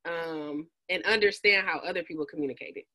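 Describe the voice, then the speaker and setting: A woman's voice: lowish voice, brisk. A woman from Los Angeles with a Californian accent, telling stories as a podcast guest, acting out other voices. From South Central Los Angeles. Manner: animated storyteller, acts out quoted voices. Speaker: guest, psychologist. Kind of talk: casual podcast interview.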